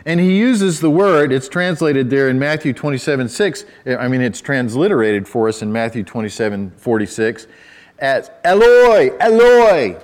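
A pastor preaches in a medium pitch at a moderate pace with few pauses, chatting his way through the sermon with self-deprecating asides and restarts. He breaks into loud, emphatic cries whenever he quotes scripture.

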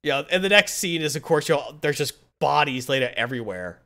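A man's voice: on the high side, lively intonation, a little fast, pushed and bright. A man in casual chat, rambling through a story recap with lots of fillers.

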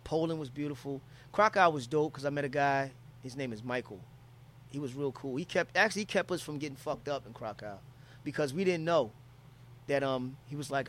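A man's voice: medium pitch, fairly bright tone, slight background noise. A man from Philadelphia telling a travel story in casual, profane talk, acting out quotes from people he met.

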